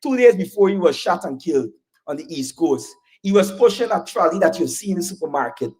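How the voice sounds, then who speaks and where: A man's voice: high voice, very animated, brisk, darkish tone, slightly rough. A man with a Guyanese accent giving a fiery campaign speech, repeating lines and calling out to the crowd for answers. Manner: emphatic, repeats lines, call-and-response with crowd. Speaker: political rally speaker.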